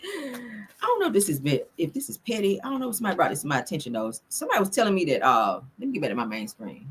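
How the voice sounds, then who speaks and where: Sassy, animated woman gossiping to her chat. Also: mid-range voice, rapid-fire, slightly rough. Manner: sassy, profane, laughing, talks to chat. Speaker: celebrity gossip livestream host. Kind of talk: casual gossip livestream chat.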